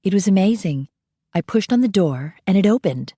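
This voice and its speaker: A woman's voice: medium pitch, expressive, dark tone, breathy edge, no echo, studio quality, pitched above the performer's own voice. A woman doing a feisty, sarcastic young heroine. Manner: sarcastic, brisk.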